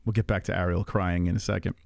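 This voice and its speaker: A young man hosting a casual livestream, talking in an animated, profane way and laughing often. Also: low voice, quick pace, creaky, no echo, clean studio sound. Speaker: livestream host.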